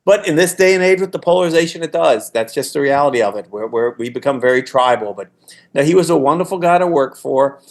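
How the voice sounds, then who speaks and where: A man's voice: a little high, animated, quick pace. A man in his sixties, a former political staffer, telling anecdotes in a casual podcast conversation, often restarting his sentences. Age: 60s. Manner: anecdotal storytelling with frequent restarts.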